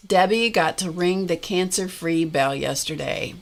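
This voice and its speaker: Middle-aged woman, casual livestream host, chatty and rambling, lowish voice. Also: unhurried, vocal fry, hardly any pauses, a little hiss or hum. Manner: chatty, rambling, laughs often, talks to viewers by name.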